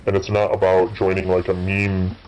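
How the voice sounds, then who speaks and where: A man's voice: low-pitched, monotone, moderate pace, darkish tone, clean tone, low-quality recording. A man in his thirties rambling through casual, profane commentary while playing a game, full of fillers and restarts. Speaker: gaming channel host.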